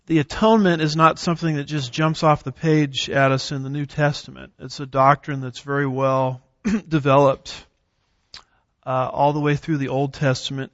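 A man teaching a theology class in a lecture style, reading scripture aloud slowly with emphasis and now and then clearing his throat. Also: medium pitch, no echo, muffled recording. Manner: clears throat, occasional fillers.

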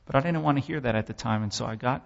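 A man's voice: mid-range voice, racing, creaky, long reverb tail, highs cut off. A man giving a sermon testimony, telling his story with impassioned, dramatic swells.

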